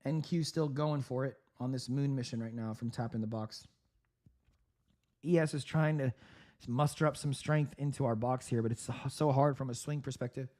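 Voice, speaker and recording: A man hosting a live trading stream, giving upbeat market commentary with frequent laughs, clearing his throat and coughing from a sore throat. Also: mid-range voice, moderate pace, a little mellow. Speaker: trading livestream host.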